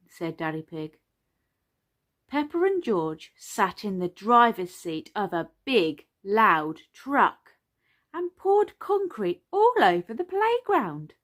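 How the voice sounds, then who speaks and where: A woman reading a children's storybook aloud in a gentle, expressive manner. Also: fairly low pitch, slow pace.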